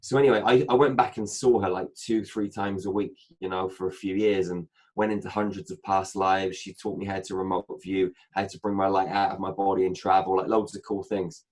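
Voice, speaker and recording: Speaking fairly quickly and barely pausing, a low-pitched male guest in a casual interview delivers a long, animated anecdote. He plays out the dialogue himself, with many "I said" asides.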